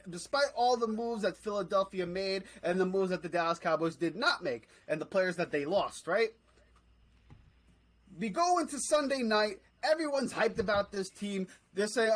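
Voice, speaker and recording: A man's voice: sits high, moderate pace, poor audio. A man co-hosting a sports podcast, ranting in a fired-up way and swearing freely. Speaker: podcast co-host. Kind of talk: casual sports podcast chat.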